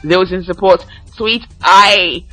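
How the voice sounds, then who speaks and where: A woman hosting a casual solo podcast, reading out fan tweets in a lively, chatty way and laughing a lot. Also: lowish voice, slow pace, faint music behind, poor audio. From Nigeria. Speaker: podcast host.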